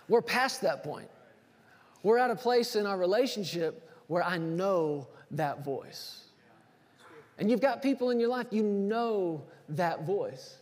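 A man preaching a sermon as pastor, animated and acting out everyday scenes. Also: sits high, takes it slowly. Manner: animated storyteller, acts out phone calls. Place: church sanctuary. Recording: long church reverb.

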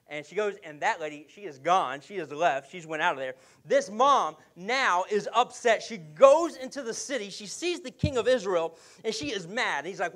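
A man's voice: high-pitched, normal speed, few pauses. A man preaching a sermon as pastor, telling stories with jokes and putting on voices for the characters. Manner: lively storytelling with jokes and acted voices.

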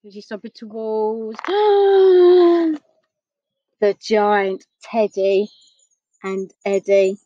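A woman reading a picture book aloud to children, gentle and unhurried, with questions for her listeners. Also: mid-range voice, little pitch movement, no room sound, highs cut off. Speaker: storyteller.

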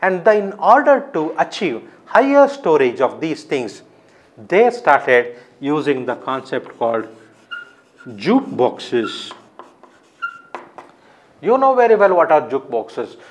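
A man's voice: fairly high pitch, big pitch swings, slow, pauses often, slight background noise. A man giving a recorded lecture, explaining step by step, often asking his own questions and answering them.

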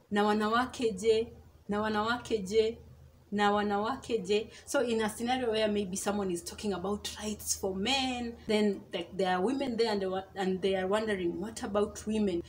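A woman teaching a casual online language lesson, saying each example phrase slowly and several times so that learners can follow. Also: medium pitch, a little hiss or hum. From Kenya. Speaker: Swahili teacher.

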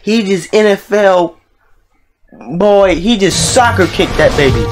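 A man's voice: high voice, a little slow, soft background music. A man hosting a reaction video, talking casually, exclaiming in disbelief and swearing freely.

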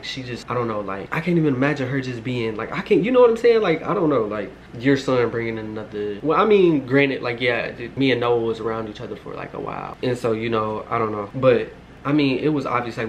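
A man's voice: medium pitch, fairly bright tone, slight background noise, poor audio. A man in his twenties casually telling a personal story to his viewers, rambling, with lots of filler words and swearing. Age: 20s. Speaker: storytime vlogger.

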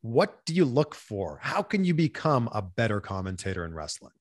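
A man's voice: medium pitch, sing-song, normal speed, no room sound, studio quality. A man hosting an interview, asking curious, enthusiastic questions. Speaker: interview host.

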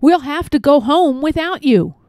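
Brief: a cheerful, teasing storybook elephant, read by a woman, lively and unhurried. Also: sits high, dry recording, studio quality, pitched above the performer's own voice. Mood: playful. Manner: friendly storybook read-aloud voice.

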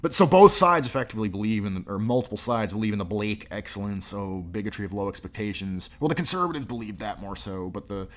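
A male livestream host with a lowish voice comments over a clip he is playing. He talks in a sardonic, mocking tone, padding his lines with "like" and "dude.". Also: animated, fast, few pauses. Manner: sardonic and mocking, with frequent filler words. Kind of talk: reacting to a played clip with commentary.

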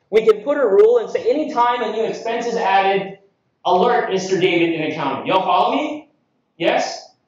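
A man from the Philippines giving a jokey, energetic conference keynote, calling the crowd friends. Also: high-pitched. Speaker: keynote speaker. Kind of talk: humorous conference keynote with live demo. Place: large conference hall. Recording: echoey hall from far off, dull.

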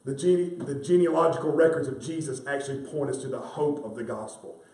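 Emphatic preacher in a roomy sanctuary. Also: male voice, mid-range voice, a little fast, warm tone. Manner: emphatic, repeats key phrases, addresses the congregation as friends. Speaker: pastor. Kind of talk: sermon. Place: church sanctuary. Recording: roomy sound from a distant mic.

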